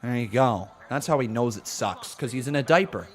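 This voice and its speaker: A man hosting a live wrestling watch-along stream, talking in a jokey, excitable, self-mocking way from a home setup. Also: mid-range voice, fairly quick. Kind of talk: live-stream reaction commentary.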